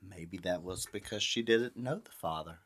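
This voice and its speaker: Low-voiced man telling a crime story. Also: moderate pace, fairly bright tone. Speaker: podcast co-host. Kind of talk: reading a true-crime story.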